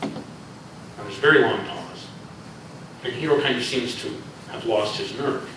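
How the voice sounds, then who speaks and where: A man reading his own story aloud to a convention audience in a library room, animated with chuckling asides, recorded from far off in an echoey room. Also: mid-range voice, unhurried, background noise.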